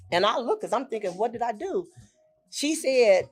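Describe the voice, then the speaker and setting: An older woman on a talk show tells a personal story with deep emotion, acting out what others said and repeating phrases. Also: animated, moderate pace.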